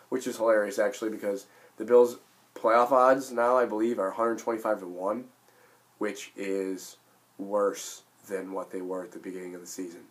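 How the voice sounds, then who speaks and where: Hoarse, rambling young man, lowish voice. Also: little pitch movement, moderate pace. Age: late 20s. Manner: rambling, emphatic, frequent restarts. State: hoarse from illness. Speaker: sports vlogger. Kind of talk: casual sports vlog monologue.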